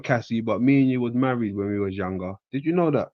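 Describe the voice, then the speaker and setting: A man's voice: medium pitch, fast, dry recording, highs cut off. A man hosting, commenting in a joking, sarcastic way. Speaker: host. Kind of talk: casual commentary.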